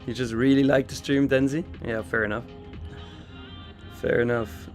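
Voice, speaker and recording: A Swiss-raised man hosts a live trading stream from London, where he's attending a trading expo, chatting casually about the markets and replying to viewers. His medium-pitched voice holds a steady tone at a moderate pace, with faint music playing underneath.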